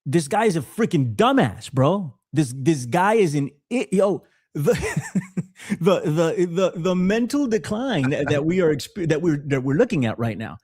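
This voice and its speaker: A man hosting a podcast, giving casual political commentary in an animated way with frequent stammered restarts. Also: a little high, normal speed, dry recording, clean studio sound. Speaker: podcast host.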